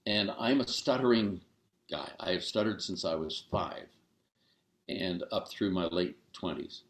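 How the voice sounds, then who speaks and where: Older man, very deep gravelly voice, animated storyteller, acts out dialogue. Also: a little slow, echoey room. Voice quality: gravelly low voice. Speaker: guest author and storyteller. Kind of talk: storytelling in an interview.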